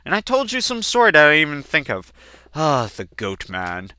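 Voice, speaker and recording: A young man hosting a game video, rambling through a childhood story with casual swearing and sudden loud outbursts. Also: on the high side, wildly swooping pitch, normal speed, smooth, no room sound, clean studio sound. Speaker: gaming channel host. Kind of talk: casual let's play commentary.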